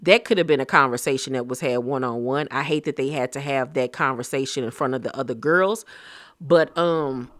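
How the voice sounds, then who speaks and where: An animated man talks through a reality TV episode in a loose, gossipy recap full of slang. His voice sits at a middle pitch. The recording is dry, with no room sound. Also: a little fast, no echo. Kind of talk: casual recap commentary.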